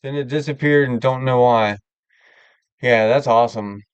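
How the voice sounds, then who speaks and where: A man's voice: mid-range voice, moderate pace, smooth, no echo, muffled recording. A man hosting a live stream, talking candidly and rambling with many filler words in casual chat. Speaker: livestream host.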